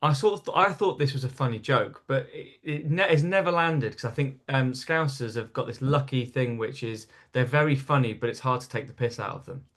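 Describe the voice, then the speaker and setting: A man with a Geordie accent, a comedian guest telling stories in lively casual chat and laughing at his own tales. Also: medium pitch, brisk, few pauses. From North East England.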